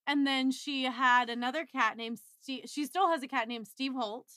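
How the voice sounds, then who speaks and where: Woman podcast co-host, high bright voice, casual chat, wry quips, dry close mic. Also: fairly even intonation, normal speed, dry recording. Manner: wry, playful, jumps in with quips.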